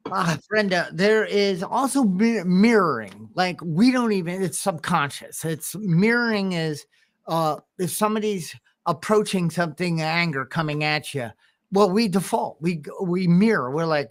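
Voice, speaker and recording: A man co-hosting a podcast, telling rambling personal stories, often chuckling and clearing his throat. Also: high-pitched. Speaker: podcast co-host. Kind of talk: casual podcast conversation.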